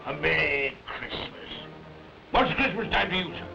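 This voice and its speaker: A cold, mean old miser with a British accent who snaps and sneers in short clipped phrases. His voice sits rather high. It comes from a dull 1930s film soundtrack with music under it. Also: lively intonation, moderate pace. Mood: scornful. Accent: British English. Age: older. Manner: curt, sneering, clipped scolding.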